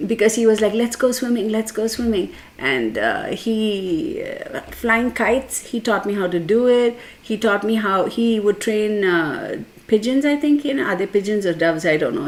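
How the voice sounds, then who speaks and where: A woman hosting a tarot live stream, chatting casually, rambling through a story and reading out viewer comments. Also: mid-range voice. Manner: laughs as she tells a personal story.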